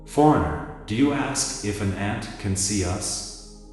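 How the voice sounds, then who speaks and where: Angry greek warlord, guy doing the voice, blunt n proud, slow, music under it. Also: on the low side, animated, darkish tone. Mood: fervent. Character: fierce Greek warlord chief, gruff and proud. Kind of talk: dramatic reading. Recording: echoey hall with music behind.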